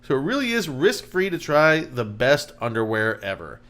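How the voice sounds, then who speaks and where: A man's voice: medium pitch, big pitch swings, normal speed, fairly bright tone. Giggly man reading a sponsor spot. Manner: joking, breaks up laughing while reading. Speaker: podcast co-host. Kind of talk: casual ad read.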